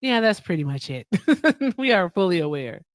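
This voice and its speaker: A woman hosting a casual live-stream debate, blunt and lively, laughing often and urging viewers on. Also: fairly low pitch, moderate pace, no echo. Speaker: livestream host.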